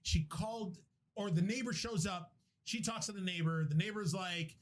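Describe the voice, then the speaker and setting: A man's voice: high voice, moderate pace. A man hosting a podcast, retelling a movie plot in a rambling, profane, casual way. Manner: rambling, profane storytelling with restarts. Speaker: podcast host. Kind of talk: casual movie recap chat.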